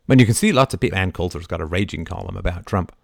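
A middle-aged man with a low, gravelly voice delivers an impassioned monologue very fast as host of his own live-stream show. He swings from quiet, confiding asides to loud, emphatic outbursts, and the recording is dry and close with no room echo.

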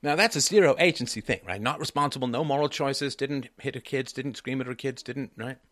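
A man's voice: mid-range voice, a little fast, fairly bright tone, dry recording, clean studio sound. A man hosting a call-in advice show, talking emphatically and repeating key phrases for stress.

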